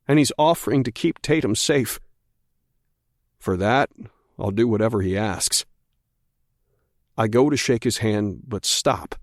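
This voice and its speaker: A man narrating a thriller audiobook in the first person, measured and tense. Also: mid-range voice, no echo, studio quality.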